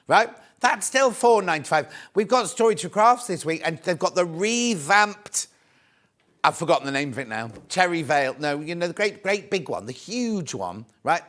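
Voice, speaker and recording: A man's voice: high-pitched, very animated, moderate pace, fairly bright tone. Chatty British TV shopping presenter, man. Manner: chatty, reads out viewer messages, calls viewers "my love". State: coughing, mild throat trouble. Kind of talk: live TV selling, chatty.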